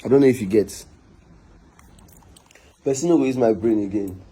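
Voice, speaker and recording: A man's voice: fairly low pitch, moderate pace, dark tone, husky, low-quality recording. A man with a Nigerian accent giving a heated online rant, scolding and exasperated, repeating himself again and again.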